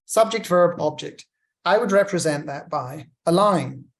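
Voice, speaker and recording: A lecturer walks through legal writing rules, reading example sentences aloud and naming every comma and quotation mark. The delivery is methodical, with friendly asides to the students in a mid-pitched voice. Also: expressive, a little slow, creaky. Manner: explains step by step, reads examples aloud with punctuation.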